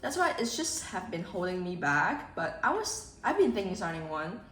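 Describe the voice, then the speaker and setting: Sick, raspy-voiced young woman vlogging. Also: lowish voice, sing-song, moderate pace, fairly bright tone. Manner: chatty, rambling, playful. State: sick, slightly hoarse. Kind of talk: casual vlog chat. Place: home kitchen. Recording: echoey room, camera a bit far off.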